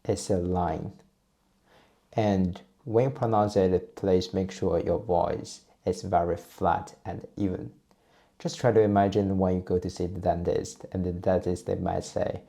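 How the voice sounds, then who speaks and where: Low gravelly-voiced man teaching tones. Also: measured pace. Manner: patient, steady teaching voice, repeats drill sounds. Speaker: Chinese teacher. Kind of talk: explaining and modeling pronunciation.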